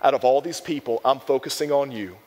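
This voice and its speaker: A calm, tender Jesus, voiced by a male preacher, speaking low and earnestly to one person. The voice sits lower than the speaker's usual pitch. The sound rings with a long echo from a large hall. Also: moderate pace, lightly acted. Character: Jesus, gentle compassionate grown man.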